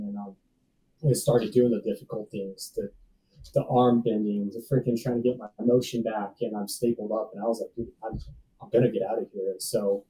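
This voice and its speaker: A safety professional in his thirties, appearing as a podcast guest, has a medium-pitched, dark voice heard far from the mic in a rough recording. He tells a personal story in a laid-back, slangy manner full of "dude" and "bro."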